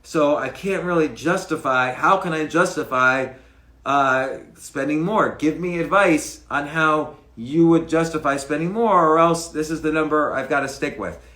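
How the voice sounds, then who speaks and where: A man's voice: on the high side, a little slow, pushed and bright. A middle-aged man hosting a casual live stream, talking loosely into a mic on a stand, restarting phrases and acting out bits of dialogue. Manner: conversational, restarts phrases, acts out dialogue examples. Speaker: host. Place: home room, livestream. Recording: roomy echo.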